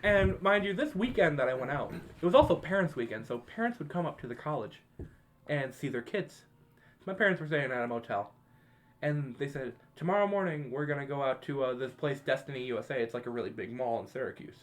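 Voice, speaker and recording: A man's voice: fairly high pitch, a little fast. A young man co-hosting a podcast, casually telling a profane, laugh-filled story to friends. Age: young adult. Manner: laughing, profane, animated retelling. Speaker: podcast co-host.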